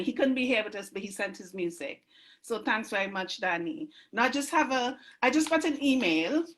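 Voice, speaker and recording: Woman host, higher voice, easy conversational announcements over a video call. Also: fairly bright tone, poor audio. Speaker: event host. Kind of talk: casual online hosting.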